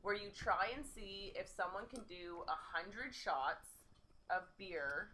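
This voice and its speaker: A woman co-hosting a podcast, tipsy and jokey, talking loudly with lots of giggles. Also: medium pitch, lively intonation, slow pace, slight background noise. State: drunk. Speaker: podcast co-host. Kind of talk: casual tipsy chat.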